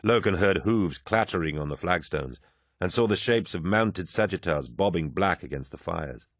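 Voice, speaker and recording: Deep-voiced male audiobook narrator. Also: animated, normal speed, dry recording, studio quality.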